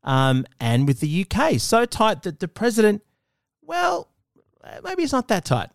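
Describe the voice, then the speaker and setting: A man hosting a comedy podcast, trading dry quick quips in casual chat. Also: sits high, huge pitch swings, gravelly, dry recording. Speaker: podcast host.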